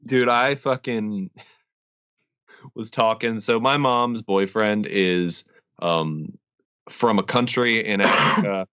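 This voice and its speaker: Man, relaxed podcast host, tells rambling stories, dry dull recording. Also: fairly low pitch, slow, clear, resonant tone, dry recording. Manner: loose, swearing, laughing storyteller. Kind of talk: casual chat.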